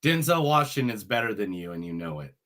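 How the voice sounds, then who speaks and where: Bright, emphatic podcast host, man. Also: on the low side, quick pace. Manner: animated, joking, emphatic outbursts. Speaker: podcast co-host reviewing movies. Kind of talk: casual chat.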